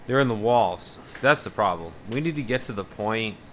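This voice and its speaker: A man livestreams casually, rambling and swearing as he reads out viewer messages, getting animated about fears. His voice is on the low side at a normal speed, with a little hiss or hum in the audio.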